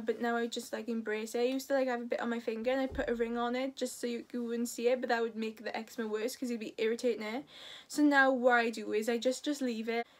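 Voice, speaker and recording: A young Welsh woman talks straight to her camera in a loose, chatty way, filling her sentences with "like." Her voice sits high and bright for a woman, and she strings her stories together casually. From Wales. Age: late teens. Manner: chatty, says "like" a lot. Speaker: vlogger.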